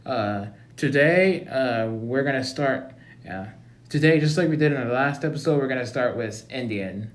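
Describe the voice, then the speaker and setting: Young man, host, casual comedy chat, halting and repetitive, echoey room. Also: mid-range voice. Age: young adult. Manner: hesitant, many fillers and restarts. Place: library room.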